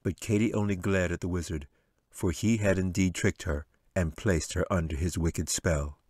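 A man, the author, narrating his fantasy novel in a measured, expressive way. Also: low voice, breathy edge, dry recording, clean studio sound. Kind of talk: audiobook narration.

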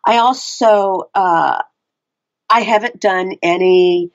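A woman's voice: medium pitch, slow pace, lo-fi sound. A woman, an audiobook narrator and actor, chatting casually in an interview, laughing easily and self-deprecating.

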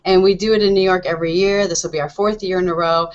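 A woman's voice: lowish voice, fairly even intonation, fast, highs cut off. A woman co-hosting a casual live web show from home, bubbly and laughing often, over a video call. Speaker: co-host. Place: home with window open, plane noise.

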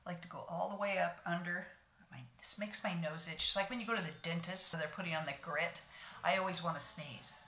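A woman's voice: on the low side, pushed and bright. Chatty older woman in an echoey room. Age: 60s. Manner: homey, talks to viewers as ladies, narrates each step. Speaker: beauty vlogger. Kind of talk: chatty makeup tutorial.

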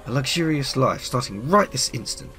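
Man doing a sly, hushed demon. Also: mid-range voice, lively intonation, faint music behind, voice pushed up, low-quality recording. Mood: menacing. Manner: silky, mocking, slow and hushed. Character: sinister male demon bargaining for souls. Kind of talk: reading game dialogue aloud in voices.

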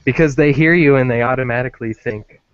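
A man hosting a podcast in casual chat, relaxed and agreeable, with chuckling asides. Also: medium pitch, quick pace, smooth, dull audio. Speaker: podcast host.

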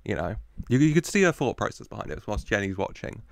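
Laughing reaction-video host, low gravelly voice. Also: male voice, very animated, fast talker, no room sound. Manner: chatty, laughs often, gushes over characters. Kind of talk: casual reaction commentary.

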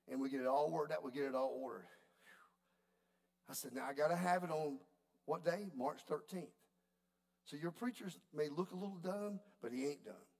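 A man preaching a sermon, telling a story in a folksy, animated way. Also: a little high, creaky. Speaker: pastor.

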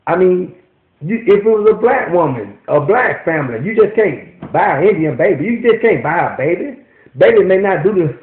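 A man's voice: high-pitched, normal speed. Ranting man, profane and worked up. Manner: profane, animated ranting with repeated restarts. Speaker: vlogger. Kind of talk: ranting commentary to camera. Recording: echoey, tinny phone-like audio.

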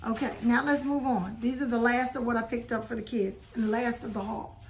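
A woman's voice: a little high, fairly even intonation, a little fast, a little hiss or hum. Chatty woman showing toys. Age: adult. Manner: chatty, addresses viewers as y'all, hums theme tunes. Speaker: haul video host. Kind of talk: casual haul vlog.

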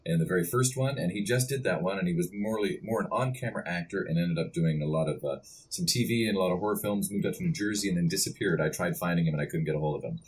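A man's voice: sits low, fast. A man, a voice actor, talking casually as a podcast guest, a laid-back storyteller who chuckles often.

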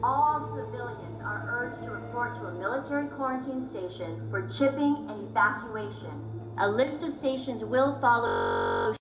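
A polished female TV news anchor reads the bulletin in a video game. Her voice is fairly high with a lively lilt, and it rings in an echoey space over a music bed. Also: normal speed, background noise. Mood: urgent. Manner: smooth, polished broadcast delivery.

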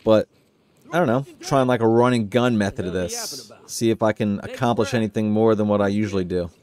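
A gaming streamer with a fairly low, fairly quick, slightly mellow voice gives casual, rambling let's-play commentary. He chats with his viewers and mocks himself as he plays. The stream audio is noisy with game sounds.

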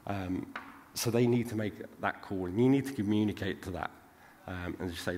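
A man's voice: on the low side, normal speed, a little mellow, slight background noise. A British man giving a casual conference talk, chatty and forever checking in with "right?". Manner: chatty, tags lines with "right?". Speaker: conference speaker. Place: large conference hall. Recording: long hall reverb.

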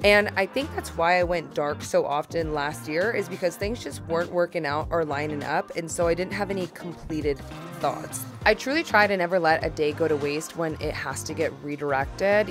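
A woman's voice: sits low, moderate pace, music in the background. A woman DIY vlogger narrating in a chatty, candid voice-over with self-deprecating asides.

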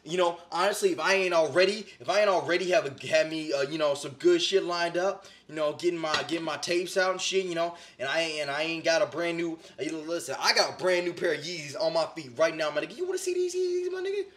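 Talking fast with hardly a pause, this young cooking vlogger shows off in his home kitchen, boastful and full of slang for comic effect. His pitch is a little high and his tone fairly bright. Faint noise sits under the kitchen's echo.

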